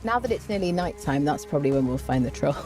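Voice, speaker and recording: Music runs in the background as a woman with a deep, animated voice streams a game at a fast clip. She chats casually, calls out viewers by name, and hums little tunes to herself while playing.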